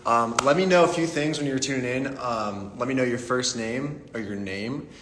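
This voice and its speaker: A man's voice: medium pitch, normal speed, a bit bright. A young man from Pittsburgh hosting a casual live-stream Q&A, upbeat and greeting viewers by name. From Pittsburgh, USA. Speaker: livestream Q&A host. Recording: echoey room with long reverb.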